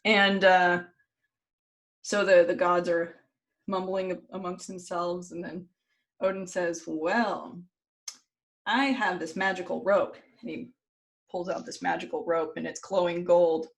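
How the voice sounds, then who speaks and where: A woman's voice: fairly low pitch, flat delivery, measured pace, long pauses. Jokey woman telling a story casually. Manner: loose and jokey, with fillers and profanity. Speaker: podcast host.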